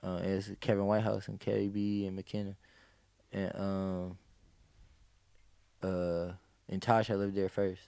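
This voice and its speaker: A man's voice: deep voice, a little slow, gravelly, pauses often, clear, resonant tone, no echo. A man, a guest on a podcast, telling stories in casual, slang-heavy talk and acting out what people said. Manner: animated, acts out quoted exclamations, heavy slang and swearing. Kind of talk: casual storytelling.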